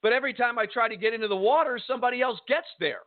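A man's voice: very high-pitched, voice pushed up. A preacher voicing an exasperated, long-suffering man. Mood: frustrated. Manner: exasperated, rushed complaining. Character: frustrated long-suffering man pleading his case. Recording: tinny phone-line broadcast.

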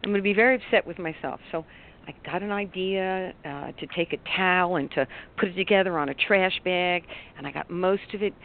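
A woman coach on a radio talk show, telling a personal story in an animated, rambling way with bursts of excitement. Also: fairly low pitch, brisk, a little hiss or hum. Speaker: life coach guest. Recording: tinny phone line.

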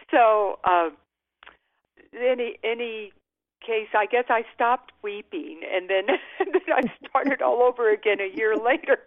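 An older woman being interviewed, speaking candidly and reflectively, often with a soft laugh. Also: on the high side, takes it slowly. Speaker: guest author. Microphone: telephone. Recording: tinny phone line.

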